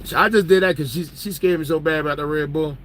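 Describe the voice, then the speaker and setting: A man's voice: on the high side, fast talker, a bit bright, slight background noise, low-quality recording. Joking truck-driving man chatting. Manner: loose, joking storyteller with laughs. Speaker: truck driver vlogger. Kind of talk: casual chat. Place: truck cab.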